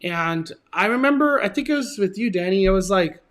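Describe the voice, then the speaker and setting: A man with a notably high speaking voice hosts his own channel. He tells his story in a casual, earnest and emotional way, often restarting his sentences. He is from Southern California. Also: expressive, a little fast, hardly any pauses, fairly bright tone. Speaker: channel host.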